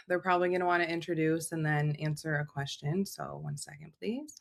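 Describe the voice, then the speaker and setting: A woman's voice: sits low, fairly even intonation, fairly quick, creaky, hardly any pauses. A woman hosting a live channeling session over a video call, talking loosely and casually and swearing freely. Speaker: host and channeler. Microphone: video call mic.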